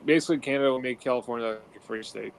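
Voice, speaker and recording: A man's voice: mid-range voice, rapid-fire, creaky. A man with a middle-range voice drops short, matter-of-fact remarks. Faint background noise sits under him. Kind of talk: casual chat.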